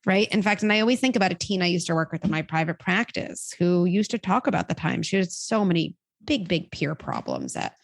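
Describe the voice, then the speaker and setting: A woman psychologist giving parenting advice in conversation, animated and acting out the lines parents and children say. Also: fairly low pitch, brisk, creaky, hardly any pauses, no room sound. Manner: animated, acts out quoted dialogue.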